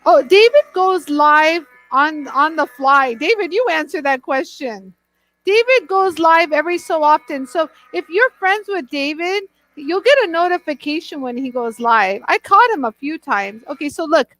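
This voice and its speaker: Bubbly high-voiced woman hosting a live demo. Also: lively intonation, normal speed, fairly bright tone, rough recording. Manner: bubbly, laughs often, talks to viewers by name. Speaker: lapidary demonstrator hosting a live stream. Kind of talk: chatty live product demo.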